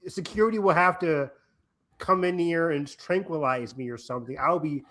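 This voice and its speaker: A young man with a deep voice talks fast and loose on a podcast, joking and rambling with plenty of excitement. He sits a little higher in pitch than most men. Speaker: podcast co-host. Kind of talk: casual chat.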